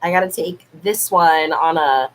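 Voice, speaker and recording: Deep-voiced and a little slow, this woman hosts a casual home livestream using a laptop microphone. She's playful, laughs often and swears freely. The recording quality is low.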